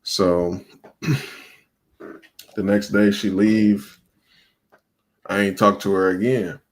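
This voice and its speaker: Low-voiced laid-back man telling stories. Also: fairly even intonation, very slow. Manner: laid-back storyteller, slangy and laughing often. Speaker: podcast co-host. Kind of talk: casual chat.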